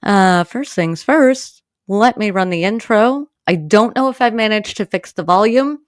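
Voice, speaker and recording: A woman's voice: mid-range voice, lively intonation, unhurried, no room sound. A woman from Maine hosting a casual solo podcast, chatting and rambling straight to her listeners and getting heated as she rants. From Maine, USA. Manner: gets heated and exasperated when ranting. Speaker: podcast host.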